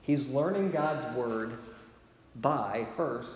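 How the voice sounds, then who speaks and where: A man's voice: mid-range voice, measured pace, a little mellow, slight background noise. Thirtysomething guy preaching, chatty, keeps saying right?, big echoey church sound. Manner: conversational, frequent "right?" asides, chuckles. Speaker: pastor. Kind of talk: sermon. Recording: echoey hall.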